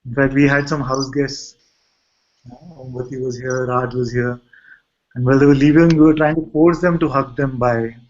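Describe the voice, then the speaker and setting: A man with an Indian accent, a spiritual teacher giving a gentle satsang talk full of rhetorical questions. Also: medium pitch, steady tone, normal speed, muffled recording, a little hiss or hum. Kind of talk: satsang talk and video-call chat.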